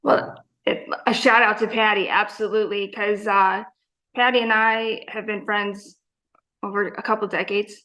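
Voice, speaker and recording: A woman's voice: medium pitch, little pitch movement, normal speed, bright, forceful tone, low-quality recording. A woman in her forties, a gym member talking in a casual interview, enthusiastic and rambling, full of fillers and quoted asides.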